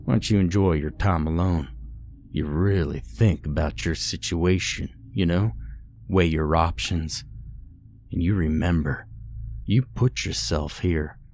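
A man voicing a grinning, softly menacing male captor who talks in a folksy, unhurried drawl. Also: deep voice, a little hiss or hum. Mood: sly menace.

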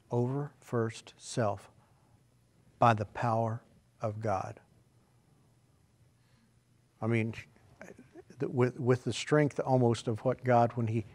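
A medium-pitched man preaches a sermon, moving back and forth between quiet, hushed asides and loud, emphatic exclamations.

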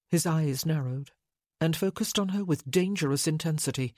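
A woman narrating an audiobook in a measured, unhurried reading. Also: low voice, darkish tone, no room sound, clean studio sound.

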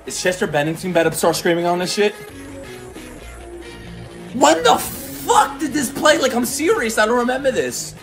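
A rapper giving excitable, swear-heavy commentary for a reaction video, with music playing faintly behind him. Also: male voice, high-pitched, normal speed, long pauses. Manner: excitable, loud, swears constantly. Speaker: rapper reacting to anime themes.

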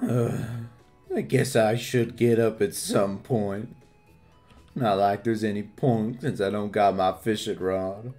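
A man's voice: fairly low pitch, fairly even intonation, slow pace, darkish tone, faint music behind, pitched below the performer's own voice. A man voicing a wild, moody fisherman in a farming game, swinging between gloomy mumbling and whooping drawled glee. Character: manic, moody male fisherman farmer. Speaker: gameplay voice actor. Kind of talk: comedic character play over a game.

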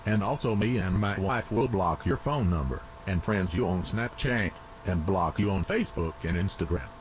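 A synthetic man's voice playing a protective, foul-mouthed father in a cartoon, flat delivery. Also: low-pitched, moderate pace, slight background noise, natural voice, rough recording. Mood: stern.

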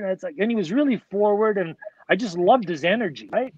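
A man's voice: sits high, lively intonation, a little fast, no room sound. A man in his sixties, a record producer guest on a podcast, telling a casual, rambling story full of "like" and "you know". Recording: dull, lo-fi, dry.

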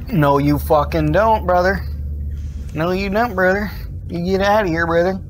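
A man's voice: high-pitched, normal speed, a little hiss or hum, voice pushed up, close to an everyday voice, poor audio. A man putting on a cocky tough-guy voice, brashly taunting a monster in a game and calling it brother.

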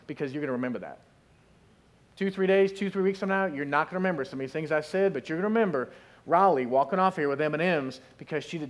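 Pastor, male, high voice, lively storytelling sermon with acted-out quotes. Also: fast talker. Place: church sanctuary.

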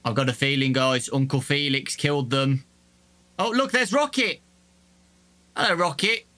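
A man reacting to a horror game as a YouTuber, with slow, wondering commentary and gasps. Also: medium pitch. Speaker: gaming YouTuber. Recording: talking over loud game music.

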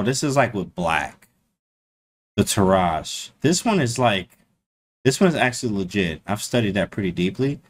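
A man streaming casually to his chat, slangy and animated, repeating his phrases. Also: low voice, a little hiss or hum. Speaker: chess streamer.

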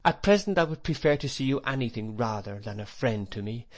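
A man reading an audiobook, voicing a humble adult schoolteacher who speaks quietly and with restraint. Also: mid-range voice, lively intonation, brisk, natural voice. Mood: dignified. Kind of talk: audiobook character voice.

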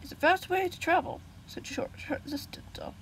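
A woman's voice: very high voice, a little fast, fairly bright tone, a little hiss or hum, pitched above the performer's own voice, poor audio. A woman voicing a determined young boy hero in a storybook reading, speaking urgently and firmly. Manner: urgent, commanding.

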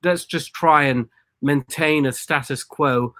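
A rabbi guest, a man who talks in a measured, earnest way. His voice is lowish and the sound is close and dry, with no room around it. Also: fairly bright tone, no echo. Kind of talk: conversational commentary.

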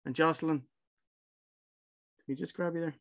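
Friendly host on a call. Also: male voice, on the high side, steady tone, normal speed. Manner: friendly, informal organizer. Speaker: event host. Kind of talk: hosting a virtual gathering. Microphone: video call.

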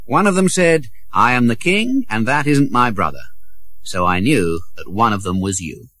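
A man voicing a calm, kindly knight in a storybook reading. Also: medium pitch, normal speed, no room sound. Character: steady loyal knight, man.

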